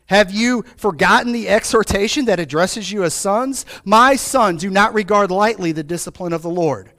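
A male pastor preaching a sermon to his congregation, calling out to them, swinging between loud, fired-up lines and quiet, hushed ones. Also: expressive, a little slow. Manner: fervent, rises and drops sharply in pitch and volume; calls out to the congregation.

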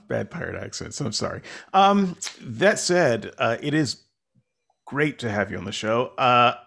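A man hosts a casual podcast in a gravelly voice with some fry in it. He rambles, laughs at himself and backtracks often, keeping things loose and conversational. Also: mid-range voice, fairly bright tone. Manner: rambling, self-deprecating, many fillers and restarts. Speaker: podcast host.

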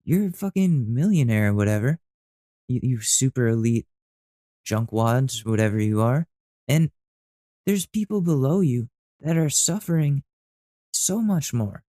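A man's voice: mid-range voice, animated, measured pace, pauses often, warm tone, dry recording, clean studio sound. A young man hosting a podcast, ranting casually and with exasperation, swearing freely. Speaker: podcast host. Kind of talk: casual rant to camera.

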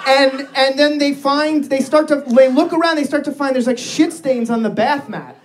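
A man's voice: very high voice, normal speed, noisy background. A man telling a crude story in casual podcast chat, swearing freely and laughing as he goes. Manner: profane, animated storytelling with frequent laughs.

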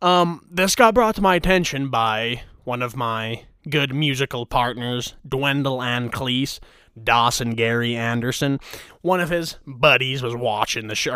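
Man, podcast host, profane mock-angry rant, teasing, smooth resonant voice, dry close sound. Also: mid-range voice, bright, forceful tone, no echo. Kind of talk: crude comedic rant.

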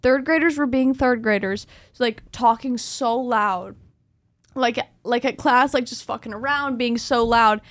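Animated young woman telling a spooky story. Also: fairly high pitch, a little slow, no room sound. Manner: animated storyteller, swears freely. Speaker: podcast co-host. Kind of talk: casual chat, storytelling.

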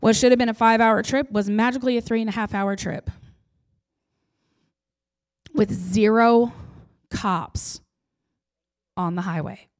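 A woman giving an emotional personal testimony in an earnest storytelling manner, pausing for effect and sometimes dropping to a near-whisper. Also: a little high, steady tone. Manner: intense and heartfelt, with dramatic pauses.

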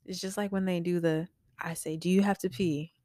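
A woman in her thirties, co-hosting a casual chat, who laughs often and acts out what people said with big jumps in pitch. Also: fairly even intonation, fairly quick, dark tone, no room sound, studio quality. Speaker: podcast co-host.

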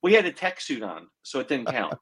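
A man's voice: mid-range voice, sing-song, a little fast, a bit bright, husky, rough recording. A man co-hosting a coaching podcast in casual chat, rambling with lots of "um" and "you know". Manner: rambling, many fillers and restarts. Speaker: swim coach, podcast co-host.

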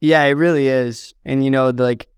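A man's voice: medium pitch, steady tone, normal speed, clear, resonant tone, dry recording. A young man from southern Indiana telling a heartfelt story as an interview guest, earnest and full of "like" and "um". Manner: earnest, fills with "like" and "um", gets choked up.

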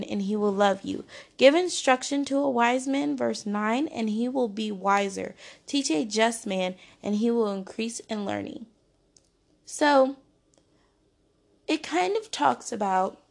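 Slow, gravelly-voiced woman teaching scripture. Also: fairly high pitch. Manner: reads verses then explains in loose conversational phrasing. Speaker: Bible teacher. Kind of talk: casual Bible study talk.

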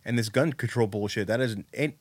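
A man in casual podcast chat, telling a rough story with a lot of swearing and animated energy. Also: medium pitch, brisk, no echo.

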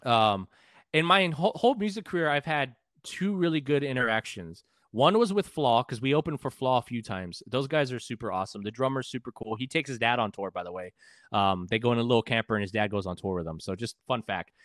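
A man's voice: medium pitch, lively intonation, brisk, a bit bright, dry recording, clean studio sound. A man from Texas, a podcast guest and musician, telling a story casually, profane and rambling with frequent restarts. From San Antonio, Texas.

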